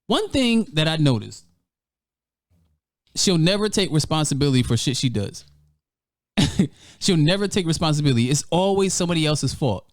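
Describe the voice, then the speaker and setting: A man's voice: on the high side, very animated, moderate pace, pauses often, dry recording, studio quality. A man hosting a gaming channel, telling a casual, profane story over gameplay and laughing often.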